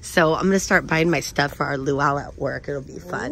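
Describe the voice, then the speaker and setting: A woman's voice: deep voice, normal speed, hardly any pauses, a little hiss or hum. A middle-aged woman vlogging a shopping trip, gushing with gasps and squeals of delight. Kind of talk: shop-with-me vlog. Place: inside a store.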